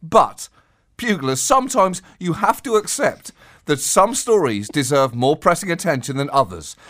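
Theatrical bright-voiced comedy host man. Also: a little high, very animated, normal speed. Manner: theatrical, mock-outraged, swearing for emphasis. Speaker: podcast host. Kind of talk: comic podcast banter.

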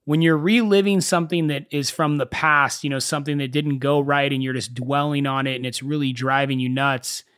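A young man hosting a casual solo podcast, telling stories in an animated way and swearing freely. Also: mid-range voice, brisk, hardly any pauses, no room sound, clean studio sound. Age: young adult. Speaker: podcast host.

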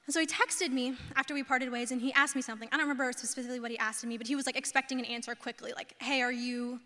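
A young woman pastor tells a story in a sermon, her voice high and bright. She talks in a chatty, casual way, full of fillers, and acts out the people in her story. The sound carries a long reverb from a large hall. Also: steady tone, rapid-fire.

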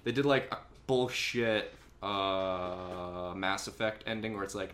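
A man's voice: low voice, steady tone, slow pace, fairly bright tone. A young man hosting a casual podcast, rambling and complaining in a profane, offhand way. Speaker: podcast host and editor.

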